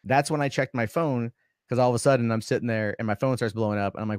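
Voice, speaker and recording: A man who is a guest on a live stream, answering accusations in a defensive, halting way and swearing often. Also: medium pitch, a little mellow, smooth, no room sound, studio quality.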